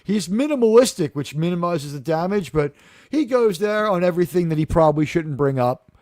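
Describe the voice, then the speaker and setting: A fairly high-voiced man hosts a live chat about a TV episode, animated and quick to act out quoted lines. His voice sounds close and dry, with no room around it. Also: no room sound. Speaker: host of a TV review discussion. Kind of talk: casual chat, recapping an episode.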